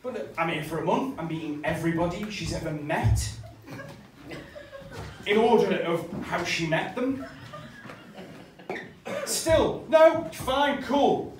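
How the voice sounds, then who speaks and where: A man's voice: sits high, animated, slow, long pauses, distant mic, a little hiss or hum. Sweary tipsy man doing stand-up in an echoey club. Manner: swears constantly, laughs at own jokes. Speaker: stand-up comedian. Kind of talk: stand-up comedy set. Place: small comedy club. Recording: echoey club recorded from afar with crowd. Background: laughing crowd.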